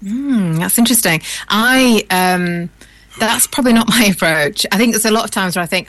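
A woman, a voice actor chatting casually, self-deprecating and quick to laugh. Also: medium pitch, fairly bright tone, dry recording. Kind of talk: casual chat.

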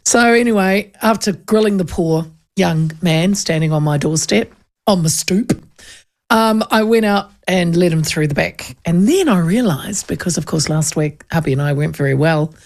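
A middle-aged radio host with a New Zealand accent chats and tells stories, laughing often. Her voice is on the low side with a darkish tone, and she speaks at normal speed.

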